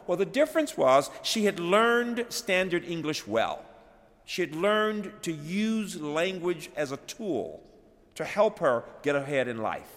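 Lively storytelling man in a chapel. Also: on the high side. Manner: storytelling, builds repetition to rising emphasis. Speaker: keynote speaker. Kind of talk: inspirational speech. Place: large chapel. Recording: long hall reverb.

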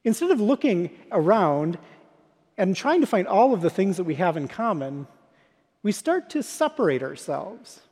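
A man's voice: sits high, big pitch swings, moderate pace, a little mellow. A man preaching a sermon, telling everyday stories in a conversational way to his listeners. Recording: long hall reverb.

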